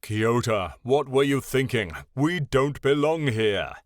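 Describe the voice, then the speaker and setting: A man voicing a proud, wounded male dragon who shouts in booming fury. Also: animated, slow, no room sound, studio quality. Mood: reproachful.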